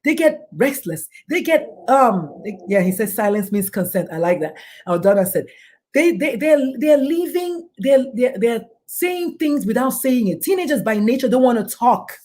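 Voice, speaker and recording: A woman's voice: fairly high pitch, very animated, moderate pace, darkish tone. A middle-aged woman speaking as a guest in a talk show interview, emphatic and preachy, often acting out the people she quotes. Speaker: guest, doctor and suicide prevention speaker.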